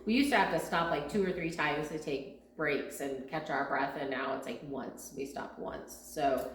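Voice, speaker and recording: A woman with a low-sitting voice speaks at normal speed, co-hosting a farm vlog Q&A and also serving as its video editor. She chats casually and explains things at length with many fillers, and the room has a roomy echo.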